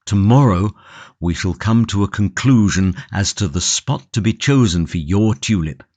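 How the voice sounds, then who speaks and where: A man's voice: lowish voice, normal speed, a little mellow, breathy edge, dry recording. A man voicing a passionate, stoic imprisoned tulip grower in an audiobook, grave and impassioned. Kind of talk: audiobook character reading.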